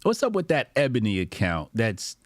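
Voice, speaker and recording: A man interviewing a guest, asking calm, steady questions in casual conversation. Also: mid-range voice, moderate pace, no room sound, studio quality.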